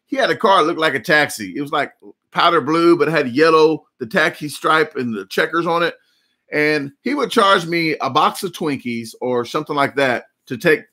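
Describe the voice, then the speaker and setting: A man's voice: a little high, lively intonation, unhurried, pushed and bright. A man in his forties with a Southern US accent, hosting a casual live chat and telling rambling, jokey stories. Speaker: livestream host.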